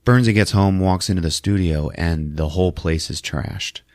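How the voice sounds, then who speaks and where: A man's voice: sits low, normal speed, a little mellow, dry recording, studio quality. A man hosting a podcast, casually retelling a film with loose, profane energy. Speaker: podcast host recapping a film. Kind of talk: casual chat.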